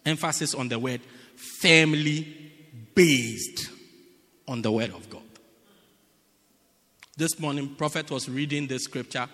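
A man preaching a sermon in a church, animated and emphatic, repeating phrases as he builds to loud bursts. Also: mid-range voice, moderate pace, pauses often. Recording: long hall reverb.

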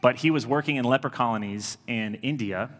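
A man's voice: medium pitch, a little fast, fairly bright tone. A man in his thirties preaching a sermon in an earnest, conversational way, repeating key lines for emphasis. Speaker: pastor. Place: church sanctuary. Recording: long reverb of a large church.

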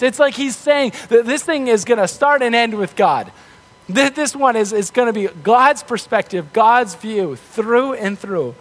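Man, pastor, high voice, casual animated sermon. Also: measured pace. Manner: conversational, animated, acts out grumbling voices.

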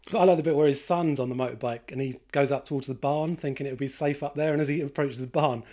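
A man's voice: medium pitch, fairly even intonation, fast talker, mellow. Man musing wryly about a film. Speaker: podcast co-host. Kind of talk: casual chat about films.

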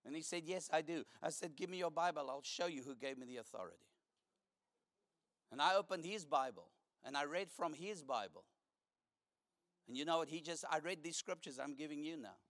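A man's voice: a little high, animated, a little fast, a bit bright, dry recording, clean studio sound. A man preaching a fervent sermon, telling a story and calling for responses from the congregation.

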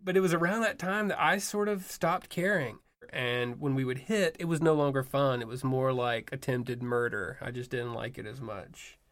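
A man's voice: medium pitch, normal speed, a bit bright. Wry man telling a personal story. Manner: wry, self-deprecating, conversational with fillers. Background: music score.

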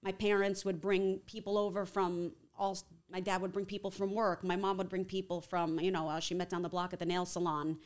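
Brief: TV reporter woman, Long Island accent, lively casual podcast guest. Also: on the low side, brisk, hardly any pauses. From Long Island, New York. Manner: animated, chatty, laughs easily. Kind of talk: casual chat.

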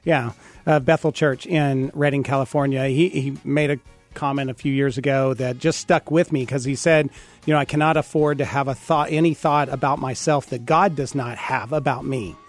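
A man's voice: mid-range voice, steady tone, normal speed, soft background music. A man hosting a conversational faith talk show, affirming his guest and often restarting his sentences. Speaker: host.

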